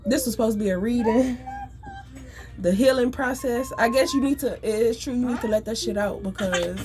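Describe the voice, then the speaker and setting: A woman venting in an angry, profane, rapid rant. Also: fairly high pitch, background noise. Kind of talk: emotional venting monologue.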